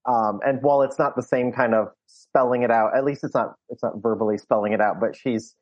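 Halting man discussing films, muffled sound. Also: medium pitch, fairly even intonation. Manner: hesitant, many restarts. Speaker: podcast co-host. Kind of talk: casual film discussion.

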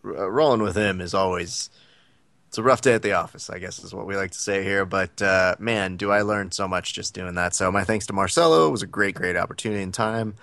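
A man co-hosting a podcast, telling stories in a rambling, filler-heavy way. His voice sits on the low side and sounds dry and close, with no room around it. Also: a little fast, vocal fry, bright, forceful tone, dry recording. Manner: rambling, many fillers, laughs often. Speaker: podcast co-host. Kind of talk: casual chat.

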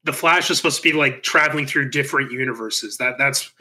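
A man co-hosting a podcast in casual chat, excitable and restarting his sentences. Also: medium pitch, a little fast. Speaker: podcast co-host.

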